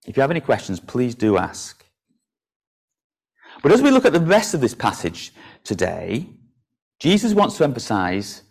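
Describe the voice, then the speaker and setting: Lively preacher. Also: male voice, normal speed, vocal fry, pauses often. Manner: animated, coaxing and playful with children; earnest, drops low and soft for solemn points. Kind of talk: sermon with a children's object lesson. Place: church.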